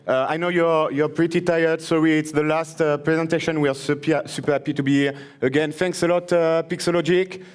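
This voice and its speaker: A young man from France with a noticeable French accent, his voice sitting a little high for a man. He talks in cheerful, slightly broken English, joking as he presents on a conference stage in front of a live audience. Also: flat delivery, a little fast, few pauses, clear, resonant tone.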